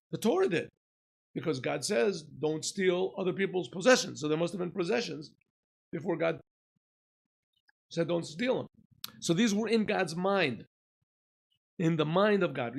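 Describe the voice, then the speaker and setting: A man, a rabbi, giving an informal Torah lesson, asking and answering his own questions and often clearing his throat. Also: a little high. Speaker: rabbi teaching a class.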